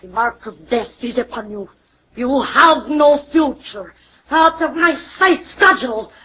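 An actress playing an old woman fortune teller who is theatrical and superstitious, speaking slowly and ominously in a 1940s radio drama. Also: high-pitched, animated, muffled recording, slight background noise. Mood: frantic. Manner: slow, ominous, shrieking when roused.

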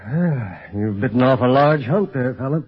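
An actor playing a commanding adult male secret agent, brisk and authoritative, in old radio drama style. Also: medium pitch, lively intonation, slightly rough. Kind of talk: 1930s radio drama acting. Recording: dull old radio recording with hiss.

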